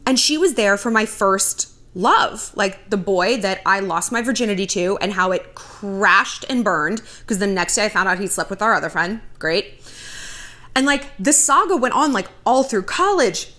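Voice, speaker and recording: A woman's voice: medium pitch, expressive, normal speed, a bit bright. A woman in her thirties hosting a vlog, telling a personal story to the camera in a blunt, profane way with dry sarcasm. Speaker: vlog host.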